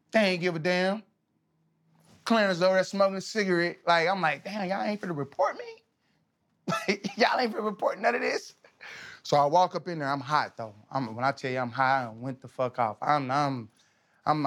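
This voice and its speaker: A man in his thirties, a podcast guest, telling stories in a casual, animated, slangy way, often laughing. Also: fairly high pitch. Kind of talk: casual storytelling.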